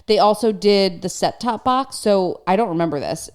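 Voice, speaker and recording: A woman's voice: medium pitch, expressive, moderate pace, darkish tone, smooth. A woman in her thirties co-hosting a casual podcast, telling the story in a chatty way with many fillers. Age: 30s. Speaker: podcast co-host.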